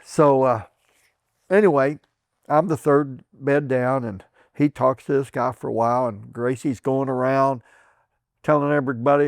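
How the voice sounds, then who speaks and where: A man's voice: steady tone, a little slow, gravelly, no echo, clean studio sound. An older man from southern Indiana, a veteran telling his memories in an oral history interview, rambling with restarts and chuckles. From southern Indiana, USA. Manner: acts out quoted voices with raised pitch.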